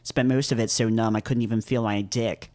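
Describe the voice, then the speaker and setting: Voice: medium pitch, fairly even intonation, fairly quick, a little mellow, voice pushed down, natural voice. A reader voicing a brash, crude adult male goat-man in a mock British accent, swaggering and profane. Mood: bitter.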